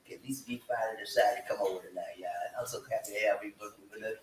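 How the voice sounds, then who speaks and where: A man hosting a casual live chat show from home, excitable and energetic as he hypes up his viewers. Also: on the low side, quick pace, slight background noise. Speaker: show host. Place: room at home. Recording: echoey room, voice from far off.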